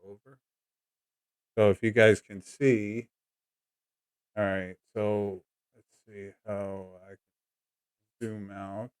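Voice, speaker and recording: Livestream host, man, casual and repetitive greetings, lowish pitch, dry sound. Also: little pitch movement, slow pace, long pauses, smooth, no echo. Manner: chatty, repeats greetings, coaching guest. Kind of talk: casual live chat.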